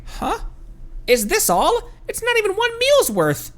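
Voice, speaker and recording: A man voicing a tiny excitable female floating companion, whiny and dramatic. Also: extremely high pitch, unhurried, pitched above the performer's own voice, heavily acted. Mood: dismayed.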